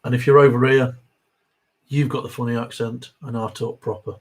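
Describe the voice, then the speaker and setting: A man's voice: mid-range voice, little pitch movement, normal speed. A middle-aged man with an East Midlands accent, hosting a live stream in a chatty, matey way, reading out viewer comments and chuckling between them. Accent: East Midlands English. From English Midlands. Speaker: host of a diecast model livestream.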